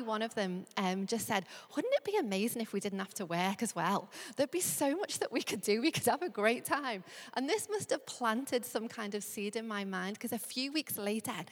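A young woman giving an earnest, measured sermon, slowing down as she reads scripture. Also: on the high side, fairly bright tone. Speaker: preacher. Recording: long hall reverb.

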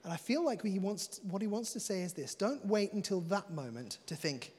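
A man's voice: sits high, expressive, normal speed, a little mellow, breathy edge. Earnest male preacher in a reverberant hall. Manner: earnest, conversational, laughs between points. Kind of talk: sermon.

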